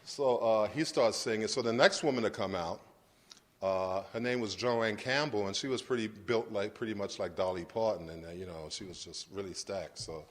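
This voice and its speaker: A man in his fifties from Brooklyn, New York, giving a lively storytelling lecture and acting out scenes for the audience. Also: lowish voice, moderate pace. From Brooklyn, New York, United States. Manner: animated, acts out scenes, addresses the audience directly. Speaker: guest lecturer.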